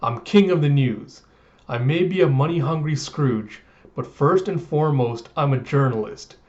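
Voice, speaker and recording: A man voicing a loud, greedy bird-man newspaper boss with brash, showy boasting, on a dull lo-fi recording. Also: a little high, moderate pace, lightly acted.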